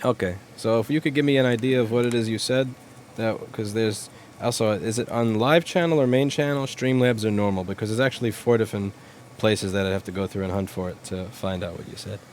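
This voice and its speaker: A man's voice: lowish voice, brisk, darkish tone, a little hiss or hum. A young man hosting a casual livestream, answering viewers' questions in a blunt, rambling, profane way. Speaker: livestream host, repair shop owner.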